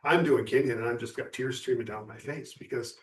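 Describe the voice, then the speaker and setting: A man sharing a retreat experience in a casual group discussion, earnest and reflective, often halting. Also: medium pitch, roomy sound, distant mic. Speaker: Zen retreat participant.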